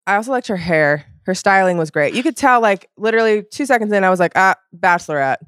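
Brief: woman guest, mid pitch, frank and opinionated, dry close sound. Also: fast, smooth, no room sound. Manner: frank, opinionated, quoting herself. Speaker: podcast guest. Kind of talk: casual chat.

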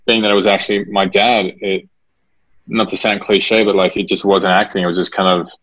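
A man's voice: on the low side, flat delivery, a little fast, fairly bright tone. A man, an actor being interviewed, talking casually and hesitantly with many fillers and restarts. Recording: dull lo-fi recording.

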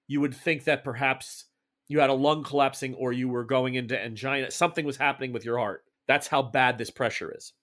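A man running a tabletop horror game as game master, narrating slowly and deliberately. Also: mid-range voice, fairly bright tone. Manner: slow, deliberate descriptive narration.

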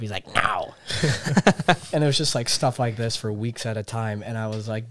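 A young man, a podcast guest, telling a long story in a casual, animated way and acting out the quotes. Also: fairly low pitch, normal speed, no room sound. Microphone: podcast mic set slightly far.

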